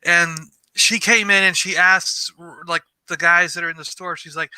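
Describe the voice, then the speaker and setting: A male toy podcast host rambles through stories in casual chat. His voice is high, very bright and crisp. The sound is dry and close. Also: steady tone, moderate pace, hardly any pauses, no echo, poor audio. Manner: rambling, filler-heavy storytelling.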